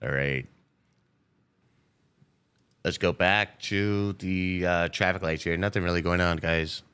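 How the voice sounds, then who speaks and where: The voice sits low and smooth, a bit bright, with fairly even intonation and a slow pace. It belongs to a man hosting a day-trading stream live, chatting playfully and casually with his audience about the market and swearing freely.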